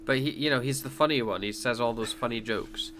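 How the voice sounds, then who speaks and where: A man's voice: mid-range voice, fairly quick, noisy background. A man co-hosting a podcast, chatting casually and rambling as he recaps scenes, laughing often. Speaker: podcast co-host. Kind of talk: casual review chat.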